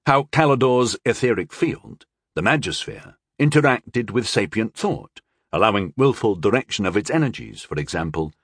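A man narrating an audiobook in a measured, expressive way, on a close studio mic. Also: fairly low pitch, husky, dry recording. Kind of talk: scripted fantasy narration.

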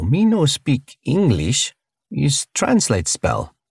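A man's voice: mid-range voice, gravelly, a little mellow, dry recording, studio quality, voice pushed up, full character voice. A man voicing a big earnest blue alien. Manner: broken, simple grammar.

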